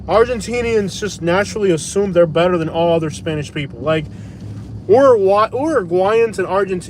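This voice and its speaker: A man's voice: sits high, slight background noise. A man chatting casually while on a night drive, rambling and joking with lots of fillers. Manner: rambling, many "you know" fillers, joking. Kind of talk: casual chat. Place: inside a car at night.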